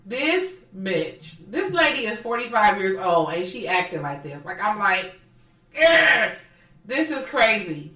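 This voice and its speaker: Animated woman recapping reality TV, echoey. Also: medium pitch, measured pace, recorded from a distance. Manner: animated, profane, mimics people in quotes. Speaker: podcast co-host. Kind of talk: casual chat recapping reality TV. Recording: echoey room, off mic.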